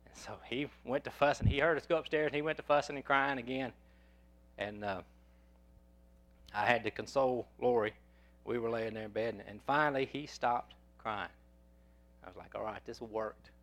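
Preacher man with a mid-pitched voice, folksy storyteller in a sermon. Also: vocal fry, fairly bright tone. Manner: folksy storyteller, repeats words as he goes.

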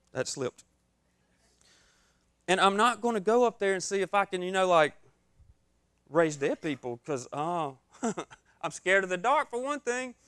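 A man's voice: high-pitched, fairly bright tone, smooth, no room sound, studio quality. A young man preaching an informal, joking sermon, acting out his own scared reactions.

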